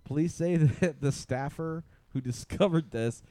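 A man's voice: on the high side, unhurried, dark tone, no room sound. A man co-hosting a comedy podcast, rambling through bits and laughing in the middle of his own sentences. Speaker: podcast co-host. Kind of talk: casual comedy banter.

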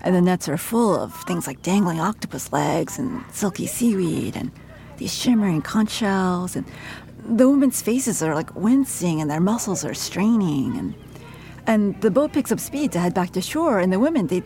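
A woman's voice: on the low side, animated, moderate pace, warm tone, slight background noise. A woman in her thirties telling her own story as a radio reporter in a chatty way, full of "like" and restarts. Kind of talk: casual storytelling.

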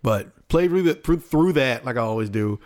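A young man co-hosting a casual podcast chat, animated and swearing freely. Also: medium pitch, normal speed. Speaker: podcast co-host, streamer.

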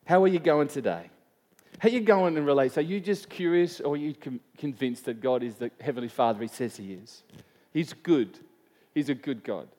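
A man's voice: fairly high pitch, a little fast, dark tone. A middle-aged man, preaching a sermon in a conversational, storytelling way and asking his listeners questions. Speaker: pastor. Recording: long hall reverb.

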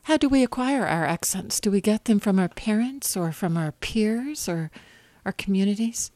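A woman's voice: mid-range voice, lively intonation, normal speed, mellow, dry recording. A woman hosting a radio show, reading a scripted introduction and asking curious, conversational interview questions.

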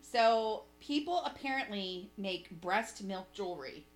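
A woman's voice: medium pitch, lively intonation, a little slow, soft background music. A woman co-hosting a casual comedic chat, profane and laughing often, breaking into mocking impressions. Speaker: podcast co-host.

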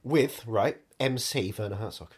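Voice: medium pitch, normal speed, husky. A podcast co-host in casual banter, jokey, laughing often and breaking into silly voices.

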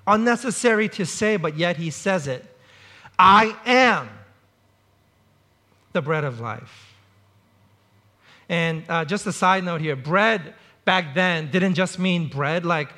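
A middle-aged-sounding pastor preaches a sermon to his congregation in a high, bright voice. His style is relaxed and conversational, with short acted-out quotes to drive points home, and he talks at a normal speed with few pauses.

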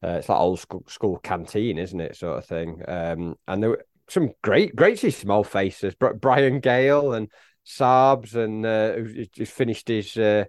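A man co-hosting a casual football podcast, talking in halting bursts with frequent restarts and chuckles. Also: on the low side, a little mellow, no echo, studio quality. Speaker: podcast co-host.

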